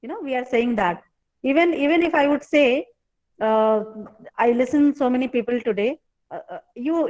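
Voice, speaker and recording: High-voiced woman lecturing with many fillers. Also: darkish tone. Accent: Indian English. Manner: halting, many fillers and repeated phrases. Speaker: professor teaching an online class. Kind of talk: live online lecture. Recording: dull lo-fi online class audio.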